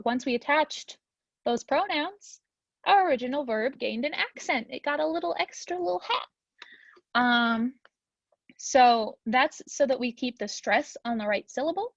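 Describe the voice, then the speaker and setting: A woman's voice: fairly high pitch, animated, unhurried, pauses often, dry recording, highs cut off. A young woman teaching a Spanish grammar lesson in a chatty, upbeat way, with frequent ums.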